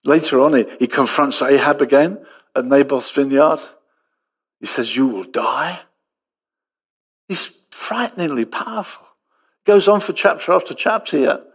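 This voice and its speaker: A man preaching a sermon, acting out dialogue with lively storytelling and dropping to soft, quiet tones. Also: on the high side, normal speed, husky.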